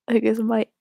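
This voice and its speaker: A woman's voice: a little high, creaky, a little mellow, no echo, studio quality. A woman from Venezuela telling candid personal stories in a rambling way, laughing often and restarting her sentences.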